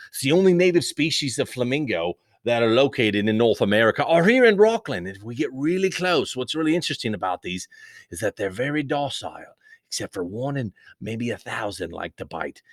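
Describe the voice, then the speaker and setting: A man putting on an excitable male wildlife documentary host, exclaiming like a showman. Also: medium pitch, a little fast, no echo, studio quality. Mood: excited.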